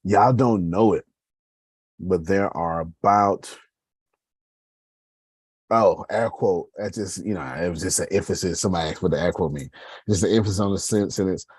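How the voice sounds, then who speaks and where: His voice sits low, darkish and husky, moving at normal speed with frequent pauses and no echo. Addressing y'all directly, he gives a casual motivational business talk, rambling conversationally and restarting often.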